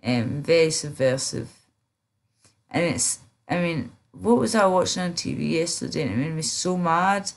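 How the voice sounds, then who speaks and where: A woman's voice: low voice, expressive, moderate pace, gravelly. A woman livestreaming in casual chat, drowsy and rambling, with many fillers and trailing off. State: drowsy, slurred.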